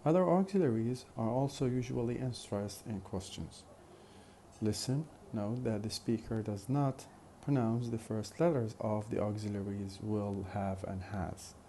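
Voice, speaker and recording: Low, gravelly male lecturer, slow and deliberate. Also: dark tone, a little hiss or hum. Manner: slow, deliberate explaining, repeating example phrases, often hesitating with "uh". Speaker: phonetics lecturer. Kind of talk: recorded university lecture.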